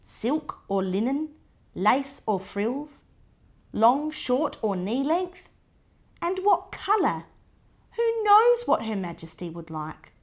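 A flustered seamstress mother, put on by a woman reading a storybook, her voice leaping high when she frets. She talks slowly, fussing over every choice, with a lively, swooping pitch. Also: heavily acted. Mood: fretful. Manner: shrieking, flustered. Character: fretful excitable mother, a seamstress.

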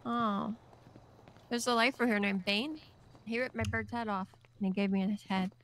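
A woman's voice: mid-range voice, steady tone, moderate pace, fairly bright tone, a little hiss or hum. A woman chatting casually in character during a roleplay game. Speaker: fellow roleplay player.

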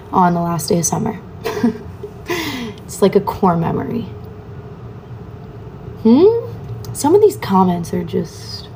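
A woman's voice: fairly low pitch, warm tone, a little hiss or hum. Chatty young woman answering live comments. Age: young adult. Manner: chatty, reads comments aloud and answers them offhandedly. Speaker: livestreamer. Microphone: phone.

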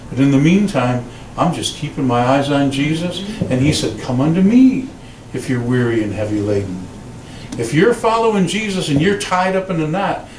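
A man preaching as a pastor, telling stories and acting out quoted voices with lively delivery. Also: reverberant, far from the mic, a little hiss or hum, low-quality recording. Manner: animated storytelling, voices quotes in a raised pitch. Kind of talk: sermon. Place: church sanctuary.

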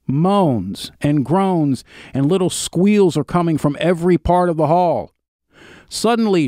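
Reading an old written account aloud for a video, a man with a fairly high voice keeps a steady pace but breaks off occasionally for casual spoken asides. The recording is clean studio sound without room tone.

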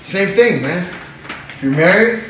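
A high-voiced man giving an animated Bible-study sermon, breaking into laughter and acting out voices as he goes. He sounds far from the mic in a very echoey classroom, with noise audible behind him. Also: slow pace. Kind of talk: lively teaching sermon.

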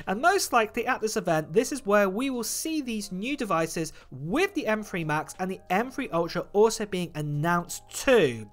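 Lively woman presenting tech news. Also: mid-range voice, normal speed, few pauses. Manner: lively, upbeat presenting with frequent "of course" and "guys". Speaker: tech channel host. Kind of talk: scripted tech rumor roundup.

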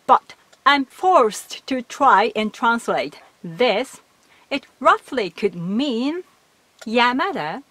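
A woman teaching in English, explaining grammar slowly and patiently. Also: on the high side, fairly bright tone, no room sound. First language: Japanese. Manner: slow, careful, patient explaining. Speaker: language teacher. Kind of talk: explanatory lesson.

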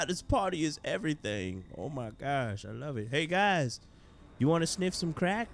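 A man hosting a gaming channel, opening a gameplay video in a loud, hype, slangy way. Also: on the high side, big pitch swings, unhurried, a little hiss or hum. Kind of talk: hyped gameplay intro.

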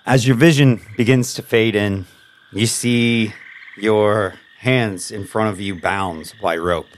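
Wry male game master. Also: on the low side. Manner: relaxed, wry, drawn-out narration. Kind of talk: narrating a tabletop horror game.

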